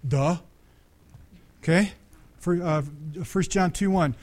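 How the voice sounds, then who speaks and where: Middle-aged male pastor, slightly high voice, lively conversational preaching with sudden loud peaks. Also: slow, long pauses. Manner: restarts and repeats words often. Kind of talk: sermon.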